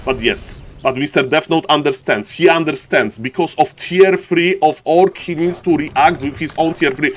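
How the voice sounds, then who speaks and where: A man from Poland with a thick Polish accent, giving live esports commentary for a stream audience and often calling out to "ladies and gentlemen" with jokey asides. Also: a little high, normal speed, hardly any pauses. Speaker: esports caster.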